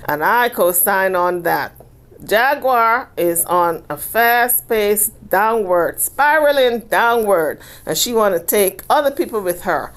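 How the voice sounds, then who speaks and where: A woman's voice: mid-range voice, animated, slow, fairly bright tone. A woman hosting casual gossip commentary in a sassy, chatty way, often tossing in little "okay?" asides.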